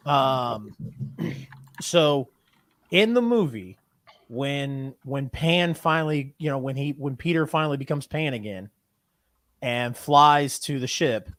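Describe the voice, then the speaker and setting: A man co-hosting a casual podcast, telling stories with lively delivery. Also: mid-range voice, takes it slowly, long pauses, no echo, studio quality. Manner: animated storyteller acting out movie scenes. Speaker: podcast co-host. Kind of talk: casual chat.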